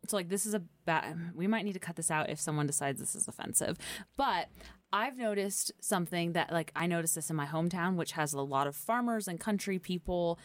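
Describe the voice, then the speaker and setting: A woman's voice: on the low side, a little fast, no echo. A woman from the United States co-hosting a podcast, rambling in casual chat with many restarts and fillers. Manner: rambling, self-correcting, many "like"s. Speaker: podcast co-host. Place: radio studio.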